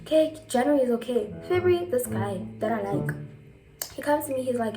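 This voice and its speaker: A woman's voice: high voice, expressive, a little fast, music in the background. A teenage girl telling a storytime, chatty and full of "like" fillers. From South Africa. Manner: chatty, filler-heavy retelling with lots of "like". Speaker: vlogger. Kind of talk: casual storytime.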